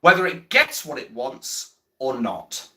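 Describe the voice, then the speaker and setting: A medium-pitched man with big pitch swings takes his time, his tone bright and forceful. He's ranting on a livestream about politics, bluntly, with heavy swearing and repetition, pausing to answer chat messages.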